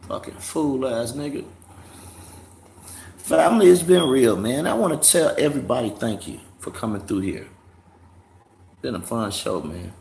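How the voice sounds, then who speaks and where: A man's voice: mid-range voice, lively intonation, measured pace, gravelly, long pauses, a little mellow. A man hosting a casual livestream, profane and mocking, laughing often. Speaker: livestream host. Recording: echoey room, faint background noise.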